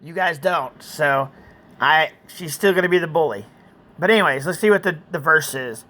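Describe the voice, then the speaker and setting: High, bright-voiced male storyteller. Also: moderate pace. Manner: earnest, gentle, chatty asides to viewers. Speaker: storyteller and channel host. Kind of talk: reading a second-person story with Bible reflection.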